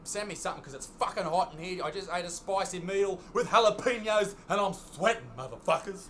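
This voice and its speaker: A man's voice: sits high, fairly quick, a bit bright, a little hiss or hum. An Australian man ranting bluntly and mockingly in a comedy video, swearing constantly. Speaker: comedy YouTuber. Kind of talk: profane comedic rant.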